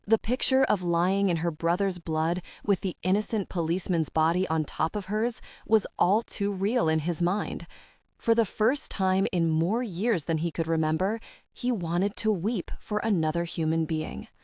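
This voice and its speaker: A woman reading romance fiction aloud in a steady, measured audiobook narration. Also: on the low side, dry recording, studio quality.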